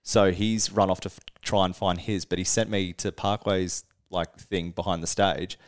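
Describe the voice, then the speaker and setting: A man, co-hosting a podcast and telling a tour story in a casual, animated way, laughing often and swearing freely. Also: low voice, moderate pace. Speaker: podcast co-host, band musician.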